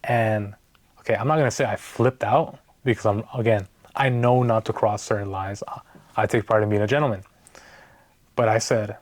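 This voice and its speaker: A man's voice: mid-range voice, normal speed, dry recording. A man telling a story in a casual vlog, in a frank, exasperated way that keeps checking in with "right?". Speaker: vlogger.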